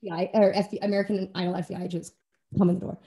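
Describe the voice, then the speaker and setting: A woman's voice: lowish voice, flat delivery, very fast, mellow. A young woman chatting casually as a radio guest, bubbly and rambling, with jokey asides. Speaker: guest, band singer and music manager. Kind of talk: casual radio interview chat.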